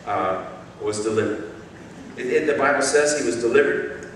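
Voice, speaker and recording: Animated pastor in a booming hall. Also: male voice, brisk, noisy background. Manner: animated, self-mocking storyteller. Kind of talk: sermon with humorous storytelling. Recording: echoey hall, mic far off.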